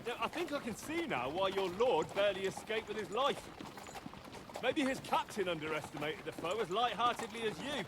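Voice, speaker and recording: A man's voice: high voice, animated, fairly quick, background noise. A man voicing a blunt, dry-witted young commoner in a video game cutscene.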